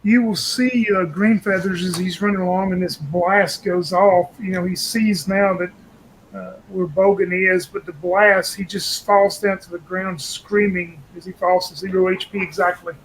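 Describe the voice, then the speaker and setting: Male player, high and monotone, halting delivery, faint hiss behind. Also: rough recording. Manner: hesitant, stumbling repeats. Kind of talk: casual tabletop game play.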